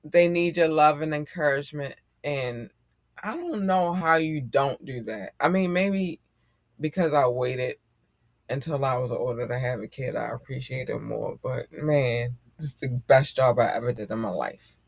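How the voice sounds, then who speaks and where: A middle-aged man hosting a casual podcast chat, animated and profane and quick to laugh. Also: mid-range voice, vocal fry, dry recording, studio quality. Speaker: podcast host.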